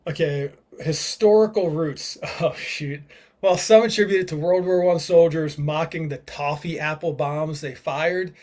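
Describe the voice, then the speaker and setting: Playful, slightly high-voiced man chatting. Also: measured pace, a little mellow. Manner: laughs often, playful, reads aloud from a screen. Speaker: podcast co-host. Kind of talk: casual chat.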